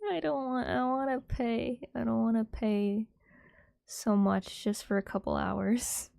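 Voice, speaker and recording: A young woman livestreamer chatting casually with viewers in a soft, airy, giggly way, rambling with lots of fillers. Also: a little high, fairly even intonation, unhurried, gravelly, dry recording, clean studio sound.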